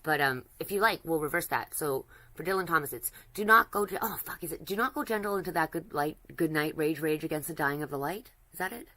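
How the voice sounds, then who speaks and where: A woman's voice: low-pitched, expressive, fast talker, few pauses, sharp tone. A woman livestreaming, chatting flirtily with a chatbot, rambling and restarting her sentences. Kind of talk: casual chat with a chatbot while drawing.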